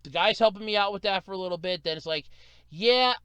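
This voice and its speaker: A man's voice: high voice, very fast, a bit bright, clean tone, no room sound. A man hosting his own podcast, telling an exasperated story and mimicking customer service agents. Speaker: podcast host. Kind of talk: solo podcast rant.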